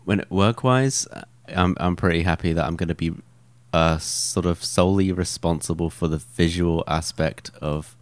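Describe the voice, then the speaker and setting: A man's voice: low voice, moderate pace, hardly any pauses, no echo. A young man co-hosting a podcast in casual chat, rambling and hesitant with lots of fillers. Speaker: podcast co-host.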